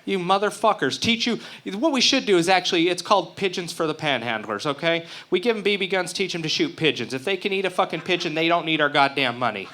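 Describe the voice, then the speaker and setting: Brash, crude stand-up comic, bright voice. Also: male voice, a little high, animated, quick pace, few pauses. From Utah. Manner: crude, profane, brash joking. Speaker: stand-up comedian. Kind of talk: stand-up comedy set. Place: open mic stage before a live crowd.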